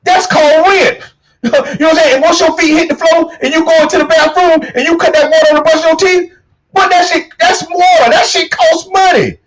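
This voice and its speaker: A man hosting his own show, delivering a loose motivational monologue, swearing a lot and repeating catchphrases, punching key lines loudly. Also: very high-pitched, steady tone, fairly quick, slight background noise, rough recording. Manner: preachy, swearing, repeats "you know what I'm saying", punches lines loudly. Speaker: show host.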